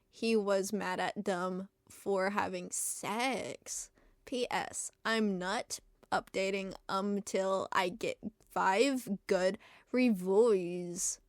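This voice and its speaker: A woman's voice: medium pitch, dry recording, studio quality. A young woman giving a comedic dramatic reading of fan fiction, giggling and adding self-deprecating asides. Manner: giggly, often breaking into laughter. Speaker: reader.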